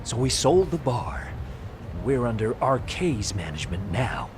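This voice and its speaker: An excitable middle-aged bar manager in a video game, his voice leaping wildly up and down as he drags out his words. He sounds worn down by hard times, with a steady street noise behind him. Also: mid-range voice, unhurried. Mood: glum. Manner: gushing then glum, theatrical swings.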